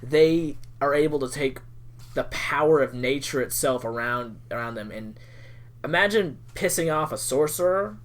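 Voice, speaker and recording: A man running a tabletop game as game master, rambling and halting as he explains, laughing often. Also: medium pitch.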